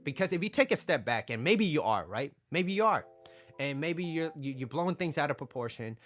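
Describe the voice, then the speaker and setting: A man's voice: medium pitch, animated, fairly quick, fairly bright tone, soft background music. A man giving casual relationship advice, talking straight to viewers and repeating his key points with a lot of "right?" and "like". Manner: conversational, peppers lines with "right?" and "like". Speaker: dating and relationship coach.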